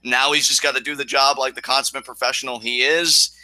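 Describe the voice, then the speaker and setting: Bright-voiced man in casual chat. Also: medium pitch, little pitch movement, quick pace. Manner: rambling, emotional, frequent restarts. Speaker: co-host.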